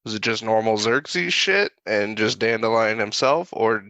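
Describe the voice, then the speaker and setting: Man, lower voice, tabletop player, blunt and curious, dry slightly dull recording. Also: expressive, measured pace, sharp tone, no room sound. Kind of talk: casual chat at a gaming table.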